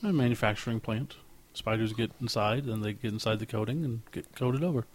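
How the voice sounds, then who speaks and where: A man's voice: fairly low pitch, a little fast. A man co-hosting a podcast, teasing and wisecracking in casual chat. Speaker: podcast co-host.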